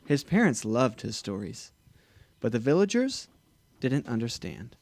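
A man reading a picture book aloud to a child, slow and expressive, adding sound effects. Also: mid-range voice, no room sound.

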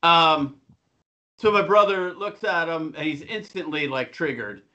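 A man's voice: fairly high pitch, measured pace, sharp tone, highs cut off. A middle-aged man co-hosting a podcast, telling rambling, profane stories in casual chat. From Buffalo, New York. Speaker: podcast co-host.

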